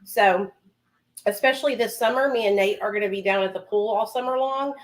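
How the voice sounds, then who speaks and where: A woman's voice: medium pitch, brisk. A woman chatting casually with her livestream viewers from home while doing her makeup, calling them honey and baby. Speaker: livestream host.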